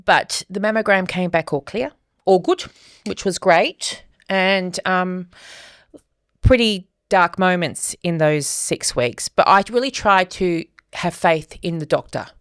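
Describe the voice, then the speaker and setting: A woman's voice: fairly low pitch, takes it slowly, clear, resonant tone, dry recording, clean studio sound. Candid woman telling a personal story. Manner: candid storytelling, animated when quoting others. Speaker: podcast co-host. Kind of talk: casual chat, personal story.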